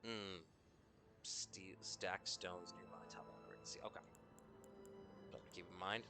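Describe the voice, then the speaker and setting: A man's voice: sits low, fairly even intonation, moderate pace, music in the background. A man streaming a video game, chatting loosely and swearing, tired and yawning. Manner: loose, profane, rambling. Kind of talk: casual gaming stream chat.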